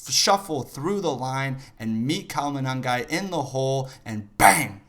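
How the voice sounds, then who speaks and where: Profane football analyst breaking down film. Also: male voice, medium pitch, lively intonation, measured pace. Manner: profane, shifts into shouting rants. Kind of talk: casual film breakdown commentary.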